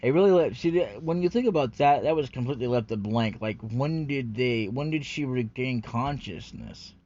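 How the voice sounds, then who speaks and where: A man's voice: medium pitch, lively intonation, moderate pace, a little mellow. Rambling, profane male vlogger. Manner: profane, rambling, full of fillers and restarts. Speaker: anime commentary vlogger. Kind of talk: rambling unscripted rant. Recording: dull lo-fi recording.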